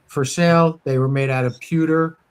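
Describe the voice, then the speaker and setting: A man's voice: a little high, fairly even intonation, normal speed, clear, resonant tone. A man from the United States hosting a coin dealer podcast, talking casually with many fillers and restarts. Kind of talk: casual shop talk podcast.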